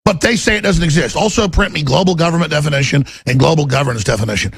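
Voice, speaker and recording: Talk radio host, man, middle-aged; husky rasp, fairly high-pitched, fierce rant. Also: quick pace, no room sound. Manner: intense, ranting, swings to menacing low growls in acted quotes. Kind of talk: political talk radio monologue.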